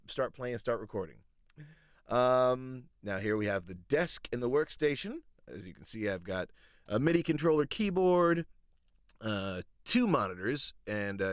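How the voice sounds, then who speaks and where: A man's voice: mid-range voice, no echo. A man chatting casually on a live stream from his home music studio, easygoing and self-deprecating.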